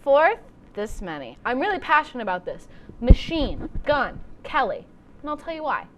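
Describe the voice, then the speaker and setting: A woman's voice: high-pitched, big pitch swings, normal speed, background noise. A young adult woman hosting a comedy show, delivering a playful, exaggerated monologue.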